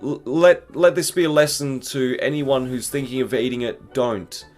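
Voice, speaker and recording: A man's voice: mid-range voice, normal speed, a little mellow. A twenty-one-year-old man giving an exaggerated, profane, mock-dramatic comic review, with faint music behind him. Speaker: vlogger reviewing candy.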